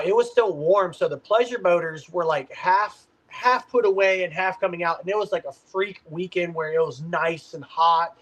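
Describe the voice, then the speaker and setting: Higher-voiced man rambling through a story. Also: a bit bright, low-quality recording. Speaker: podcast guest. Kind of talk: casual podcast chat.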